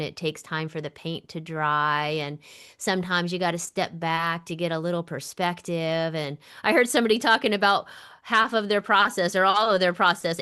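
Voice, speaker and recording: A woman guest artist on a talk show, speaking thoughtfully and often pausing on fillers. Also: lowish voice, bright, forceful tone, smooth. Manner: thoughtful, with many fillers and restarts. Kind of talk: casual chat.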